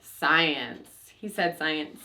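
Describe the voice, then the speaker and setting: A woman teaching a children's grammar class, cheerfully leading the kids through slow call-and-response recitation. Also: sits low, expressive, bright, forceful tone, a little hiss or hum. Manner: cheerful, leads children in repeating lines slowly.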